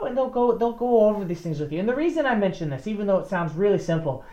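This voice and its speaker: Animated woman explaining tabletop gaming. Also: medium pitch, quick pace, hardly any pauses. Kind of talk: casual instruction. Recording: roomy, slightly dull recording.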